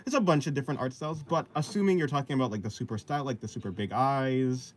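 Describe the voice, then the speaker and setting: A man's voice: medium pitch, quick pace, slight background noise. A young man streaming while he draws, reading chat aloud and answering in a hesitant, rambling way with many fillers. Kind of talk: casual live-stream chat while drawing. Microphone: desk microphone, described as muffled by chat.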